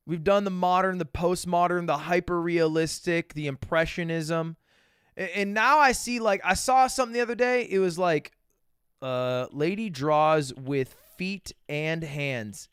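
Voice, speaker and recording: A man's voice: fairly high pitch, unhurried, a bit bright, clear, resonant tone, no room sound, studio quality. A young man in his twenties chatting casually and reacting to clips on a stream, rambling and swearing a lot.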